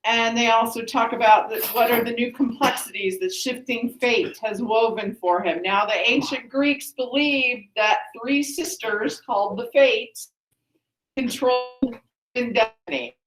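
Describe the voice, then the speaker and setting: A woman's voice: on the high side, unhurried. A woman teacher explaining a play to students in a classroom, often checking with "okay?". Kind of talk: classroom lesson. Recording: echoey classroom.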